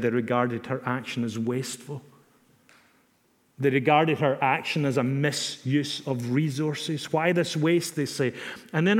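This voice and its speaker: Man preaching a sermon in a reverberant hall. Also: mid-range voice. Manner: measured, emphatic, repeats phrases for stress.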